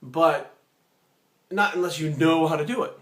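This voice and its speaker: A man telling a story in a casual vlog, animated, acting out other people's lines. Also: fairly high pitch, unhurried. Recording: echoey room.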